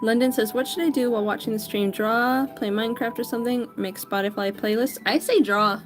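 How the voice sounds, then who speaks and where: A woman's voice: on the high side, fairly even intonation, fairly quick, over music. A woman chatting casually with viewers while drawing on a livestream, greeting people by name and often stumbling and correcting herself. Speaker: livestreaming artist.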